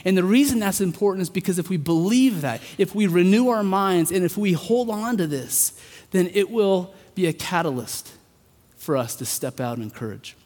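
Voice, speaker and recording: A man preaching in an earnest way, building to forceful peaks before falling back soft. His voice sits a little high. The sound carries a long reverb from a large hall. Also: animated, moderate pace. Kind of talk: sermon.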